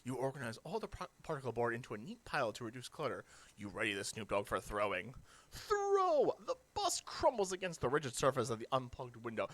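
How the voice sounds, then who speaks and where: A person reading a webcomic aloud with reactions, hammy and jokey, swinging between deadpan lines and shrill outbursts. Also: dry recording. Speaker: reader of a webcomic.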